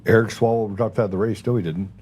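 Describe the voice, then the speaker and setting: A man's voice: on the low side, fairly even intonation, fast talker, darkish tone, slight background noise. A man hosting a political talk show, casual and rambling, often sarcastic, repeating his words as he goes. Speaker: podcast host.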